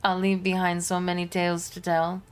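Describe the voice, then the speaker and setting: A tired, tender-hearted psychic companion, as a woman voices her in a put-on accent. Her delivery is wistful and emotional, with a slightly low voice. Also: monotone, normal speed, clean tone, close to an everyday voice. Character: weary, sentimental female psychic companion.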